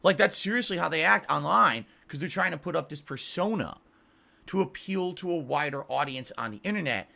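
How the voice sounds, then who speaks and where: A man in a fed-up monologue, circling back over the same points and swearing often. His voice sits a little high for a man. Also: lively intonation, fairly quick, gravelly, bright, forceful tone. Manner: exasperated, repetitive, swearing. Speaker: YouTuber. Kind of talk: ranting monologue.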